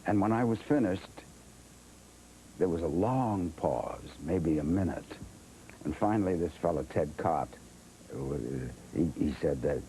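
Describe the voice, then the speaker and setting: A man's voice: deep voice, animated, unhurried, dark tone, a little hiss or hum, low-quality recording. An older man, a guest in a TV interview, telling stories about himself in a wry, self-deprecating way and acting out what others said. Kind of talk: anecdotal storytelling in a TV interview.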